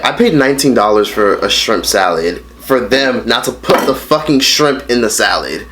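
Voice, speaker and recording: A man vlogging casually while he eats a meal at home, talking in a blunt and expressive way and swearing freely. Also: mid-range voice, slight background noise. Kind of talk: casual mukbang chat.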